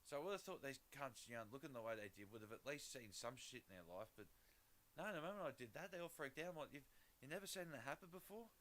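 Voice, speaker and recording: A man's voice: mid-range voice, expressive, fast talker, a bit bright, slight background noise, rough recording. Profane, rambling Australian man. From Western Sydney, Australia. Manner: profane, rambling, laughing anecdotes. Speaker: gaming livestreamer. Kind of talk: casual storytelling on a livestream.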